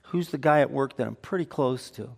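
A man's voice: medium pitch, brisk, vocal fry. A man preaching a sermon as pastor, switching between earnest teaching and light banter with the congregation. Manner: conversational preaching with audience banter. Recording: long hall reverb.

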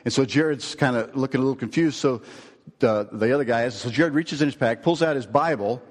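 A male pastor preaches earnestly, moving from storytelling into emphatic points that fall away into low, slowed endings. His voice sits at an ordinary pitch. It carries the long reverb of a large hall. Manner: earnest, builds to emphatic phrases, then drops low and slow. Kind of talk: sermon with storytelling.

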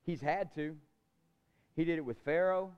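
A man delivers a sermon from the pulpit, his voice sitting high for a man. He presses hard on key lines, then sinks to a near-whisper. The recording is dull and lo-fi, with a muffled top end. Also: normal speed, clean tone. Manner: impassioned preaching, swinging from loud emphasis to soft near-whisper. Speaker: pastor.

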